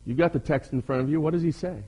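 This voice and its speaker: A man's voice: on the high side, fast talker, warm tone, husky, rough recording. A male pastor preaching a sermon, asking his listeners questions and pressing his points with emphasis.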